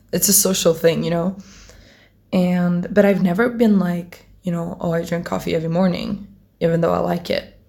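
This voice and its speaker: A woman's voice: on the low side, creaky, dark tone. A teenage girl chatting casually to camera as a vlogger, rambling, giggling often and swearing offhandedly. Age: teens.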